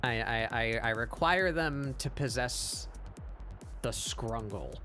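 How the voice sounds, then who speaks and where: A man's voice: medium pitch, takes it slowly, pushed and bright, soft background music. Laid-back man hosting an art stream. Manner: laid-back, hesitant, many fillers. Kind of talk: casual stream chat while drawing.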